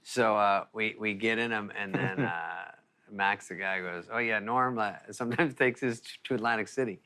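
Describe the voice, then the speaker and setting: Male storyteller, relaxed and matter-of-fact, bright clear voice. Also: lowish voice, normal speed. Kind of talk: casual anecdote.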